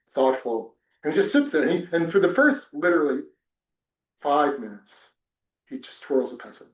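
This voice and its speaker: A male professor from New Jersey tells classroom stories in an animated way, breaking off and restarting his sentences. His voice sits a little high for a man. The room around him is echoey. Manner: animated storytelling with many restarts. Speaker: religion professor. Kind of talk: classroom talk with personal stories. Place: temple classroom.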